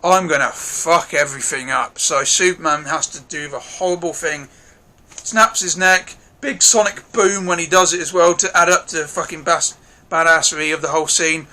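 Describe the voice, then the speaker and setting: A man reviewing a film in a casual, gushing way. His voice is high and bright, and he talks excitably and swears freely.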